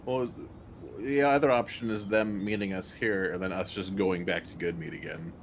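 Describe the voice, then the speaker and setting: Man, tabletop player, very deep voice, practical tone. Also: fairly even intonation, moderate pace, creaky, a little hiss or hum. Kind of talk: casual tabletop play.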